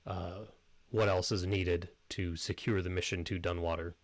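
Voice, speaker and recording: A man voicing a smooth, careful male town councilman who speaks formally, with hesitant fillers. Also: low voice, flat delivery, normal speed, dry recording, voice pushed down, close to an everyday voice, low-quality recording. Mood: measured, formal.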